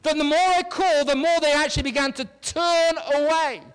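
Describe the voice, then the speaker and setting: A male pastor preaching a sermon to his congregation, animated, swinging between loud calls and hushed words. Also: extremely high pitch, brisk, big-room sound, poor audio. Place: church hall with a congregation.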